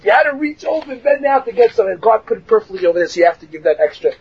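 A man with a high, husky voice gives a Torah lecture full of stories. He acts out each quote with lively energy and laughs often. The recording sounds dull and lo-fi. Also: racing. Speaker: rabbi teaching a class.

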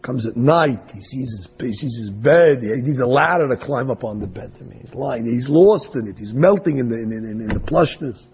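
A man preaching through an animated, dramatic parable in a raspy voice. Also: mid-range voice, moderate pace, hardly any pauses, lo-fi sound, slight background noise. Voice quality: raspy, gravelly. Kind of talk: storytelling sermon.

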